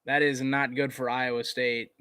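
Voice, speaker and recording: Bright-voiced casual male play-by-play caller. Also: medium pitch, normal speed, smooth, no room sound, clean studio sound. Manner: conversational, fillers, gets excited on big plays. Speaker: live game commentator.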